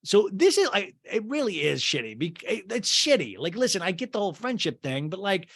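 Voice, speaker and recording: A man hosting a podcast, giving an animated, gossipy comedic recap of a reality show with lots of swearing. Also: sits high, brisk, breathy edge. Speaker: podcast host.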